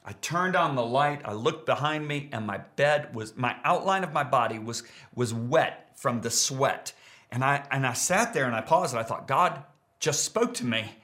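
A middle-aged pastor preaching a sermon, emphatic and repeating key words for stress. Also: male voice, mid-range voice, lively intonation, moderate pace, sharp tone.

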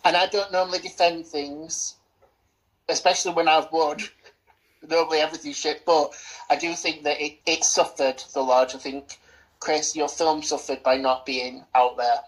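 A young woman co-hosting a relaxed film-review podcast, her voice sitting a little low. She talks in playful, theatrical boasts with casual swearing, drawing out her announcements. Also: normal speed, poor audio. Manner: theatrical, gloating banter, swears freely. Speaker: podcast co-host.

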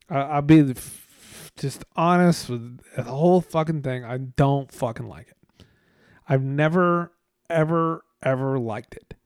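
A man's voice: medium pitch, darkish tone, no echo, studio quality. A man talking casually in a rambling way, swearing a lot and full of fillers, sounding tired. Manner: rambling, profane, frequent fillers.

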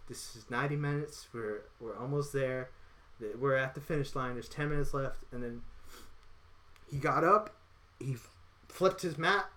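A man's voice: fairly high pitch, fairly even intonation, a little slow, fairly bright tone. Rambling man acting out his own story. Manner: rambling, acts out quoted dialogue. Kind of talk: casual chat.

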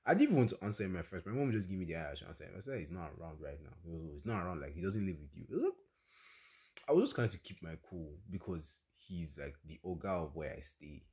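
A young man with a Nigerian accent hosting a casual solo storytelling podcast, chatty and exclamatory with quick asides. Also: low voice, animated, a little mellow. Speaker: podcast host.

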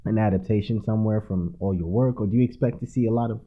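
A man's voice: fairly low pitch, steady tone, quick pace. A man hosting a podcast, asking long, rambling interview questions full of fillers. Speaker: podcast host. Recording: tinny phone-like line.

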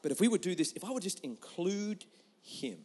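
Pastor, male, higher-pitched voice, earnest sermon delivery with loud-to-hushed swings. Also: big pitch swings, moderate pace, husky. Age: adult parent.

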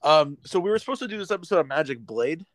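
A man's voice: fairly high pitch, lively intonation, fast, no room sound. Laid-back guy with a dry close sound. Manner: laid-back, says dude a lot, blunt. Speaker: podcast co-host. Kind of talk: casual chat.

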